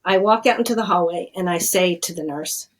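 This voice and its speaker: A woman's voice: fairly low pitch, brisk, poor audio. Middle-aged woman guest, earnest and plainspoken storyteller. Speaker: addiction scientist, guest. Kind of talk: conversational storytelling.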